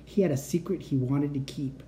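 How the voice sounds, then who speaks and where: A storyteller reading a children's book aloud as a bedtime story, with an expressive, animated delivery. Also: medium pitch, moderate pace, a little hiss or hum.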